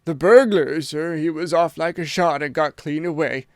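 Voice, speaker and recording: A man's voice: a little high, moderate pace, smooth, dry recording, studio quality, close to an everyday voice. A man voicing a flustered male butler who delivers bad news in an urgent, gasping way. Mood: breathless alarm.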